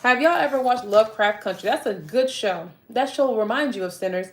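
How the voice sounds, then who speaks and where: A young woman chatting casually to her viewers about a book, reading passages aloud and riffing excitedly, laughing often. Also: on the high side, brisk. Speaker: book-discussing content creator.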